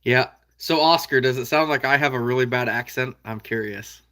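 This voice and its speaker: A man's voice: medium pitch, moderate pace, bright, forceful tone. A young man from the American Midwest hosting a trapping live stream, chatting casually and answering viewers by name with frequent laughs. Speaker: trapping channel host reading live chat.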